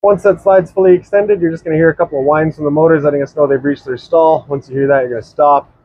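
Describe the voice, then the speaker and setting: Brisk man giving a trailer walkthrough. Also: a little high, steady tone, dry recording, highs cut off. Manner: brisk, practical, instructive. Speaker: RV sales walkthrough presenter. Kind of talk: casual product walkthrough. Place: outdoors and inside a travel trailer.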